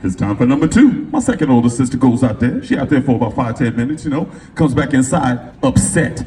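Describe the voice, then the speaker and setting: A middle-aged man from California, a motivational speaker telling a personal story to a live audience in an animated, slangy way, acting out the voices of the people in it. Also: mid-range voice, fairly quick. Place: event venue before an audience. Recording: distant mic with faint room noise.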